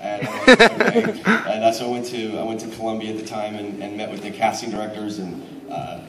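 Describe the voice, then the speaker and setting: A man, an actor, telling lively, laughing anecdotes on a convention panel. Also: on the low side, a little fast, very noisy. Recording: echoey hall, distant mic, crowd. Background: crowd.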